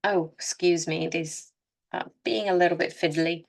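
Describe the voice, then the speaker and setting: A woman's voice: on the low side, fairly even intonation, moderate pace, gravelly. A woman giving an unscripted tarot reading, speaking earnestly and directly to her listeners, with frequent restarts and self-corrections. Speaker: tarot reader. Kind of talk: casual spoken tarot reading.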